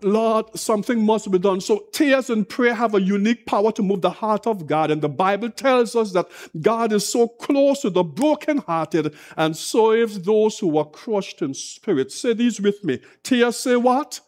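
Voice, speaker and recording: A man's voice: sits high, lively intonation, a little slow, few pauses, a little mellow. A man preaching an impassioned sermon, full of rhetorical questions and repetition. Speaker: pastor.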